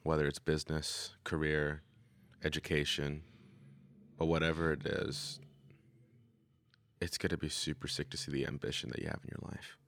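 A man's voice: rumbling low, flat delivery, normal speed, long pauses, a bit bright. A young man hosting a faith podcast in a laid-back, rambling way, full of slang and fillers. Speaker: podcast host. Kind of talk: casual podcast chat.

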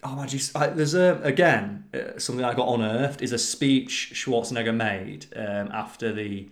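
A man chatting casually on a podcast, telling stories in an animated way and swearing freely. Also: mid-range voice, normal speed. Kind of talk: casual chat. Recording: roomy echo.

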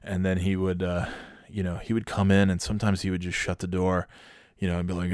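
A man's voice: deep voice, little pitch movement, fairly quick, darkish tone, no room sound, studio quality. A man telling a casual comic anecdote, profane and exasperated. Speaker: storyteller.

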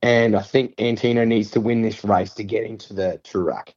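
A man's voice: lowish voice, steady tone, moderate pace, a little mellow, slightly rough, dull audio. An Australian man co-hosting a casual racing tips podcast, working through form lines at length with fillers and restarts. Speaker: racing tipster co-host.

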